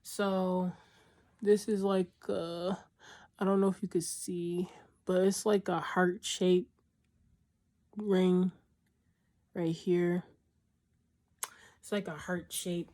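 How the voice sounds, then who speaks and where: A woman's voice: fairly low pitch, flat delivery, slow, pauses often, dark tone. A young woman vlogger casually telling a story to her camera, rambling with lots of fillers and acting out what people said. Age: young adult. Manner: rambling, filler-heavy, acts out quoted dialogue.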